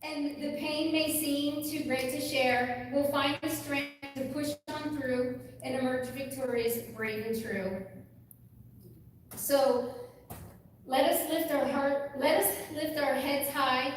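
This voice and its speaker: A woman's voice: high-pitched, fairly even intonation, slow, slight background noise. A woman performer at an open mic reciting a poem with earnest delivery, then cheerfully leading the audience in a sing-song chant. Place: large event hall with a live audience. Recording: echoey hall, voice from far off.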